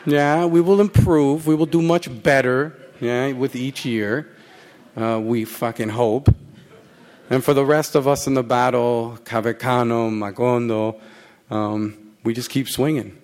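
A man's voice: medium pitch, fairly even intonation, measured pace, darkish tone. A man joking profanely with a live audience before reading his work on stage. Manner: profane, joking, crowd-teasing. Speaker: author giving a reading. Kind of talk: casual banter before a reading.

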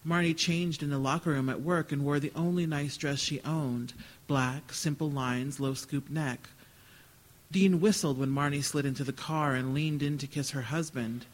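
A man reading literary fiction aloud at a live event. His voice sits somewhat high for a man. He tells the story in a dry, wry way. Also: fairly even intonation, moderate pace, rough recording. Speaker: author reading.

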